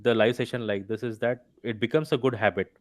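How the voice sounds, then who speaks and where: A man's voice: mid-range voice, steady tone, fast, dry recording. A man teaching a live online revision session, explaining step by step and checking with his students as he goes. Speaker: instructor. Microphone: video call.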